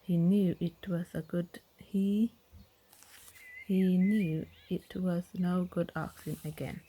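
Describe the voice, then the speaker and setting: A woman's voice: on the low side, steady tone, slow pace, mellow, breathy edge. A woman reading a children's storybook aloud in a whispered role-play style. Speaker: reader.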